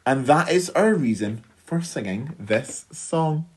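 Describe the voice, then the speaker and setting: A woman's voice: low voice, expressive, slow pace, slightly rough, full character voice. A woman doing tender baby animals. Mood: affectionate. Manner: tender, affectionate rhyme.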